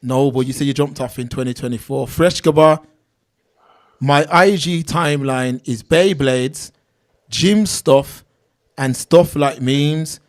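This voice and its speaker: A man with a mid-range voice speaks slowly. He's hosting a casual livestream, reading viewers' names and chat comments aloud in street slang.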